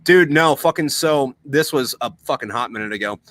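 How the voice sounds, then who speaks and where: Profane, bright-voiced young man telling stories. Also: medium pitch, expressive, moderate pace, no room sound. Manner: profane, storytelling, lots of fillers. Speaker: podcast host. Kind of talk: crude casual chat.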